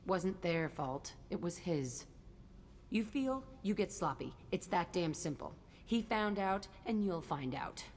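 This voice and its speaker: Blunt, bitter young fighter. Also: female voice, fairly low pitch, animated, measured pace, big-room sound, a little hiss or hum. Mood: fierce. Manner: blunt, curt and defiant. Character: hardened, bitter young woman fighter with a chip on her shoulder. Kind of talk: video game dialogue.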